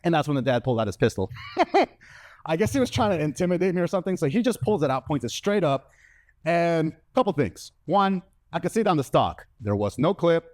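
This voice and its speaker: A man's voice: fairly high pitch, sing-song, a little fast, no echo. A man doing stand-up comedy, telling a story in a brash manner and acting out the lines of other people in put-on voices.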